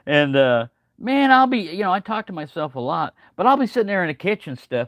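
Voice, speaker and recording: A man's voice: sits high, big pitch swings, brisk, few pauses, a bit bright, no room sound. An older man rambling casually on a livestream, folksy and chatty, greeting viewers by name. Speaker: livestream host. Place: home, early morning.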